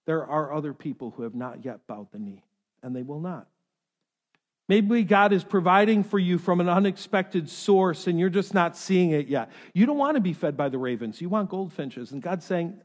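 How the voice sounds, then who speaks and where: A man preaching a sermon as pastor, swinging between loud urgency and hushed softness, with jokey asides to the congregation. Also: a little high, lively intonation, moderate pace. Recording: long reverb of a large hall.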